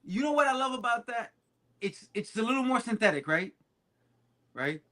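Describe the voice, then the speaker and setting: Guy with a bright high voice, emphatic on a podcast, goes loud then soft. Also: lively intonation, normal speed. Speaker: co-host. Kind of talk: casual chat.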